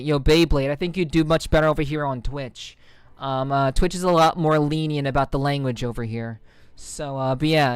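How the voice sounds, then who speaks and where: A VTuber streamer reads comments and chats casually with her viewers, rambling through plenty of fillers and restarts and swearing freely. Her voice is low with a clean tone, and the recording is dry.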